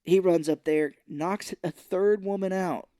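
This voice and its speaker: A man's voice: high voice, unhurried, dry recording, clean studio sound. A man co-hosting a podcast, recapping a film in casual chat and acting out scenes as he goes. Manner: animated storytelling, acts out scenes. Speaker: podcast co-host.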